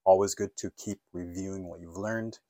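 Deep-voiced patient male English teacher. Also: fairly even intonation, normal speed, mellow, dry recording, clean studio sound. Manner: patient, encouraging, asks learners to repeat phrases. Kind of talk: online language lesson.

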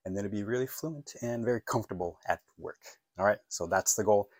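Male English teacher, middle-aged, low voice, dry close mic, patient and encouraging, has learners repeat phrases. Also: fairly quick, no echo. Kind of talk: online language lesson.

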